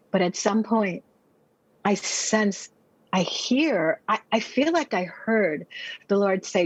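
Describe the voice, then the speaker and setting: Expressive American woman telling her testimony. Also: mid-range voice, slow pace, slightly rough, dry recording, dull audio. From United States. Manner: vivid and expressive, acting out her own past words with brief laughs. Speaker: podcast guest, pastor and speaker. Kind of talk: personal testimony storytelling.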